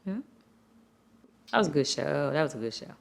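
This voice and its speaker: A woman hosting a casual chat show, talking in an animated, chatty and playful way. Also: sits low, fairly quick, gravelly. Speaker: host.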